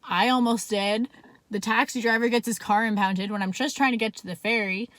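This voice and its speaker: A young woman tells a story in a casual vlog, chatting away with endless "like" fillers and lots of swearing. Her voice sits on the high side, steady and a bit bright, and she talks briskly with no room sound.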